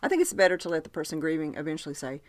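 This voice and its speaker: Chatty, lower-voiced woman podcast host. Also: very animated, very fast, no echo. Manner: chatty storyteller, leads the segment. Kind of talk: casual chat.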